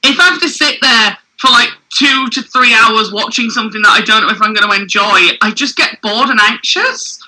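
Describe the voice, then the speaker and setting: A woman's voice: a little high, normal speed, hardly any pauses, pushed and bright, rough recording. A woman co-hosting a podcast in casual chat, rambling with filler words and frequent giggles. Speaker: podcast co-host.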